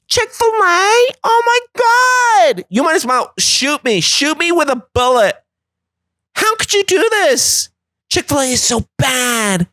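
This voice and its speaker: A man's voice: very high voice, sharp tone, dry recording, pitched above the performer's own voice, heavily acted. A man voicing a group of melodramatic, outraged men at a party who gasp and wail. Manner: gasping, wailing, melodramatic.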